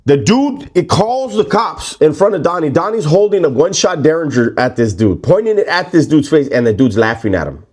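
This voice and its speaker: A man telling a story in a relaxed, rambling way, full of slang and swearing. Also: fairly high pitch, a little fast, hardly any pauses. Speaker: storyteller recounting prison life. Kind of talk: casual spoken storytelling.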